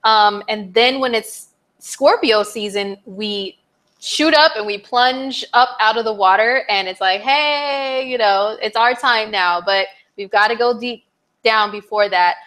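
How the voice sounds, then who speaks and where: A young woman astrologer giving a casual, chatty forecast to her viewers, animated, with playful exclamations and frequent fillers. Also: mid-range voice, unhurried.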